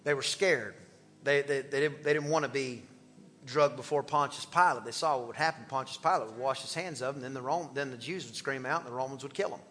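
Animated male preacher in a church. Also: medium pitch, brisk, in a large hall. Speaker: pastor. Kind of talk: sermon.

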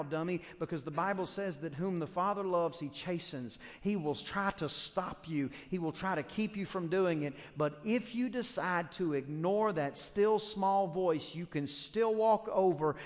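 A fairly high-voiced man preaching a sermon in a church sanctuary. His words ring out with a long hall reverb as he tells stories and builds into loud, fervent preaching. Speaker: pastor.

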